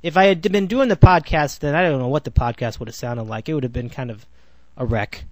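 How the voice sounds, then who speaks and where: A man's voice: mid-range voice, brisk, darkish tone, no room sound. A man in his twenties hosting a solo sports podcast, rambling with sarcastic asides and frequent self-corrections. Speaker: podcast host.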